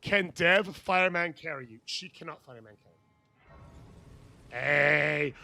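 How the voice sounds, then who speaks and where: High raspy streamer guy yelling hype lines, faint music behind. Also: fast. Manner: loud, hyped, yells catchphrases. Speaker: gaming streamer. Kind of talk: live gameplay stream chat.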